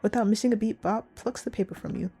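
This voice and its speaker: A young woman reading a story game aloud and reacting in an animated, giggly, slangy way. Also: medium pitch, quick pace, soft background music. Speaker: gamer playing a story game.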